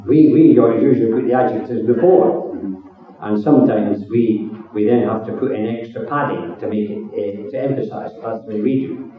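A man's voice: fairly low pitch, moderate pace. A man in a devotional Bible discussion, explaining points of grammar in a lecturing way. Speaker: participant in a Bible reading meeting. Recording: distant, echoey, phone-like sound.

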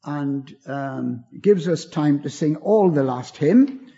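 Gentle older preacher, lively pitch. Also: male voice, slow pace. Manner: earnest and gentle, rising with emphasis then dropping low. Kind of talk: sermon. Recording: dull lo-fi recording.

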